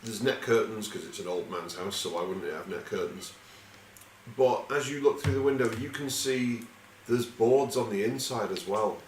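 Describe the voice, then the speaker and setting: Casting: low-voiced man as a chatty game master, in an echoey room with faint hiss. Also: normal speed. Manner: rambling, casual, swearing freely. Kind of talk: narrating a tabletop game.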